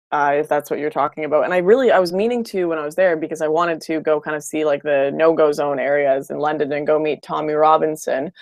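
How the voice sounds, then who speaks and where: A woman's voice: deep voice, no room sound, studio quality. Blunt, opinionated woman on a livestream. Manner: blunt and opinionated, with frequent restarts. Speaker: livestream host. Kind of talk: casual livestream chat answering viewer comments.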